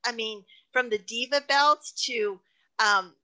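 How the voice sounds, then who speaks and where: Bright-voiced, effusive woman host. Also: fairly high pitch, rough recording. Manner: effusive, animated, fast bursts of speech. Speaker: podcast host. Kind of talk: casual interview chat.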